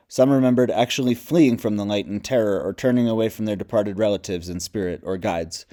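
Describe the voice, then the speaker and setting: Mellow-voiced male audiobook reader. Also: mid-range voice. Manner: measured, even reading. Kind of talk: nonfiction audiobook narration.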